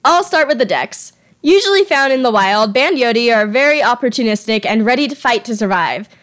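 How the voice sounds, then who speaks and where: A woman's voice: on the high side, lively intonation, moderate pace, fairly bright tone. A young woman talking casually over her drawing at home, chatty and self-deprecating, sometimes tripping over her words. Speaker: artist presenting her fan creature designs.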